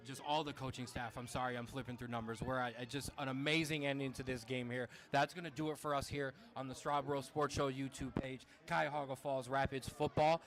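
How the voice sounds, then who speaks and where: A man calling a football game as play-by-play commentator, breathless and shouting the big plays. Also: mid-range voice, fairly even intonation, fairly quick, few pauses, low-quality recording.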